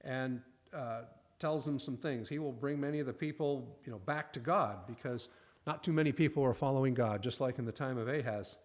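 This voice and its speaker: A man's voice: medium pitch, brisk. A man preaching a conversational sermon in a folksy way, acting out the angel's and priest's lines.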